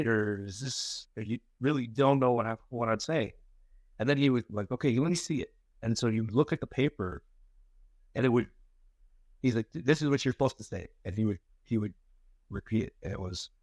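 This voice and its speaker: A man's voice: lowish voice, a little mellow, no room sound. A man co-hosting a podcast, chatting casually and telling family stories with rambling restarts and easy laughter. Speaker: podcast co-host. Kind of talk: casual chat.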